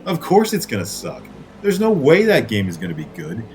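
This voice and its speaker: A man's voice: medium pitch, wildly swooping pitch, brisk, a little mellow, slight background noise. A man ranting angrily about video games, swearing often and firing off rhetorical questions. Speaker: gaming commentator. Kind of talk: angry profane rant.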